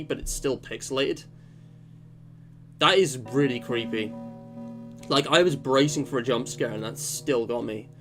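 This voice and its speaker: A man's voice: mid-range voice, fairly bright tone. A young man playing a story game, reading its text aloud and breaking off into casual, slangy commentary. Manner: chatty and informal, muses aloud, slangy asides. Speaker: let's play gamer. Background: game music playing.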